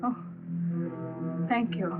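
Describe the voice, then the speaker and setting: An actress playing a cunning, elegant female villain, speaking in a sly, mock-courteous way. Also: extremely slow. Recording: tinny old film soundtrack with loud music.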